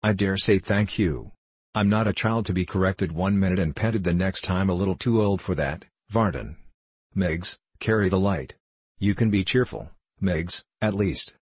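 A man's voice: low voice, moderate pace, slightly rough, no echo. A man reading the part of a self-pitying, reproachful middle-aged wife in a storybook. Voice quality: complaining, reproachful.

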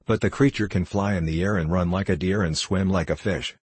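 A man playing a calm, brave soldier. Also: sits low, a little fast, husky, no echo. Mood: earnest. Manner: calm, firm and courteous.

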